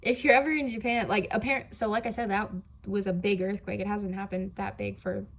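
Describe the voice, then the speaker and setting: A woman's voice: mid-range voice, fairly even intonation, a little fast, creaky, slight background noise. A young woman vlogging casually from a hotel room, chatty and self-mocking, with many fillers. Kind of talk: casual vlog chat.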